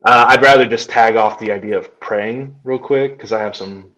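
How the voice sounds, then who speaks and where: A man's voice: lowish voice, normal speed, fairly bright tone, poor audio. A young man, a podcast co-host, chatting casually and telling family stories, acting out his son's lines. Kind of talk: casual chat.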